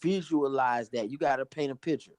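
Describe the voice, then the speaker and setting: A man in a casual chat, reasoning through his point in a deliberate, explanatory manner. His pitch is mid-range. The sound is dry and close. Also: darkish tone, smooth, no room sound. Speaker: guest.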